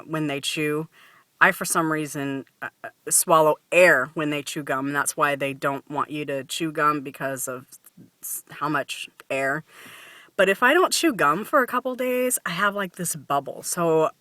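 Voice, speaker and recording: A woman's voice: deep voice, sharp tone, no echo. A woman vlogger talking casually to camera, chatty and laughing often, with lots of fillers and restarts.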